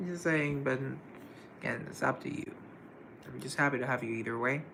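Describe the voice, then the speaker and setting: A man's voice: medium pitch, fairly quick, vocal fry, sharp tone, slight background noise, poor audio. A man hosting a live stream in a casual, chatty way, greeting viewers by name and answering their comments.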